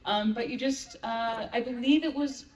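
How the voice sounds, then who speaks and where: A female audiobook narrator on a convention panel, telling animated anecdotes and laughing. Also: on the high side, moderate pace. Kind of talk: casual anecdotal chat. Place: large convention panel room. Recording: echoey hall, distant mic.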